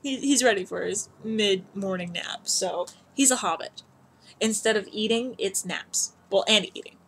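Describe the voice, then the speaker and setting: A woman's voice: mid-range voice, moderate pace, a bit bright, a little hiss or hum. A young adult woman chatting casually to camera, rambling, laughing often, and cooing baby talk at her cat. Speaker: vlogger.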